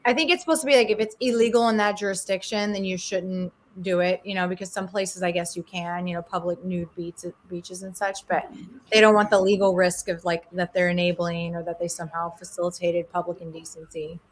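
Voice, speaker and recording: Measured, explaining woman in a chat. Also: fairly low pitch, fairly even intonation. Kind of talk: casual group chat.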